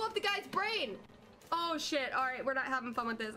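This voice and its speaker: A woman's voice: high-pitched, very animated, normal speed, bright, forceful tone. A young woman streaming a horror game live, who screams, swears and jokes her way through the scares.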